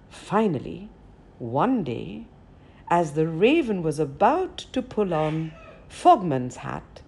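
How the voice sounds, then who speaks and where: A woman storyteller narrating a folk tale expressively, swinging between loud and hushed delivery. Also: medium pitch, breathy edge.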